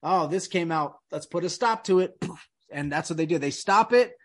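Male podcast host, high-pitched, emphatic and repetitive, casual chat. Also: normal speed. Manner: emphatic, repeats words and restarts often.

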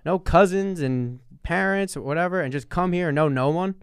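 A man from New Jersey with a New York accent, talking in a rambling, animated casual chat. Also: fairly high pitch, normal speed, clean tone, dry recording, clean studio sound.

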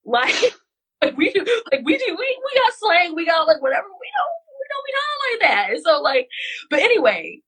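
A woman's voice: extremely high pitch, sing-song, moderate pace, a bit bright, low-quality recording. A woman from West Central Missouri in casual podcast conversation, telling stories animatedly with lots of fillers and restarts.

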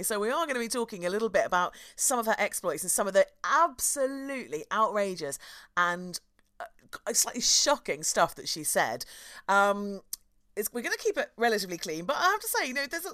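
A woman's voice: medium pitch, a bit bright, dry recording. A woman hosting a casual chat, telling stories with frequent laughs and fillers. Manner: chatty, laughs often, many fillers. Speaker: podcast host.

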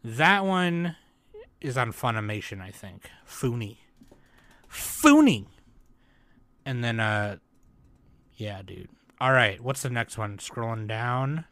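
A man's voice: mid-range voice, expressive, takes it slowly, sharp tone, no room sound. A man co-hosting a casual chat about anime, rambling with lots of fillers and bursts of laughter. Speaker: podcast co-host.

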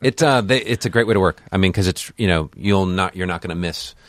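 A man's voice: sits low, a little fast, dry recording, studio quality. A man from Buffalo, a podcast guest, telling stories in casual chat and often breaking off mid-sentence. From Buffalo, New York. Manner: rambling, self-interrupting storyteller.

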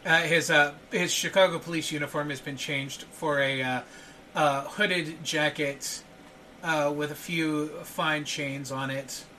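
A man's voice: a little high, steady tone, a little slow, pushed and bright, recorded from a distance, a little hiss or hum. A man narrating a tabletop game as game master, hesitant with frequent filler sounds.

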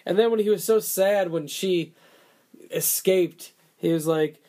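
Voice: mid-range voice, unhurried, warm tone. Jokey rambling podcast co-host. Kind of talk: casual chat.

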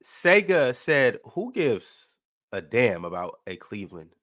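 A man's voice: medium pitch, very animated, slow, a bit bright, no room sound. Dry-sounding male host reading comments. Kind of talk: casual panel chat.

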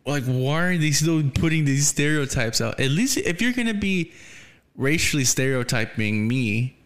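A man's voice: fairly high pitch, lively intonation, moderate pace, fairly bright tone. A man hosting a podcast, chatting casually and swearing freely, laughing often. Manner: profane, laid-back, laughs often. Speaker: podcast host.

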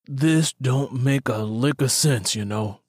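A man reading an audiobook, voicing a stern, skeptical small-town male police officer who questions slowly and bluntly. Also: medium pitch, breathy edge, dry recording, clean studio sound. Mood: probing. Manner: slow, deliberate, blunt questioning. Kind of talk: audiobook character voice.

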